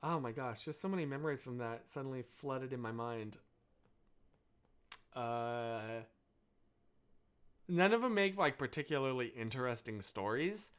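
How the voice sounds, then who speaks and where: A man's voice: mid-range voice, expressive, measured pace, pauses often, clear, resonant tone. A young American man hosting a live stream, chatting casually with viewers and wandering off on tangents. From United States. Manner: rambling, self-interrupting, apologetic asides. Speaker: livestream host.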